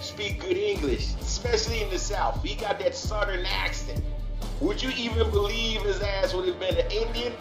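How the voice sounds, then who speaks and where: A man's voice: high-pitched, normal speed. A man hosting a reaction video, talking emphatically and profanely in casual commentary. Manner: emphatic, profane, laughs often. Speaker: reaction channel host. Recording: echoey room with music behind.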